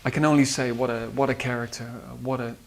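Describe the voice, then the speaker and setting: A man with a Dutch accent, a musician recalling studio sessions in a halting way with many fillers. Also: medium pitch, fairly even intonation, slight background noise. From Netherlands. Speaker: musician and producer. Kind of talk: behind-the-scenes recollection.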